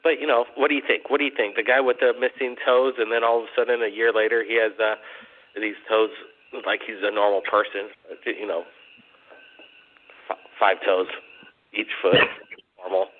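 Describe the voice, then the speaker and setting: A man's voice: lowish voice, flat delivery, moderate pace, pauses often. Rambling male call-in radio host. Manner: chatty, rambling, repeats questions. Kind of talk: casual call-in radio chat. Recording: tinny phone-like audio.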